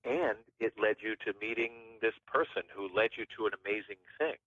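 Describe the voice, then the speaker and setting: A man's voice: on the low side, brisk, no echo. A man telling a story as a podcast guest in a casual, rambling way, often restarting his phrases. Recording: tinny phone-line sound.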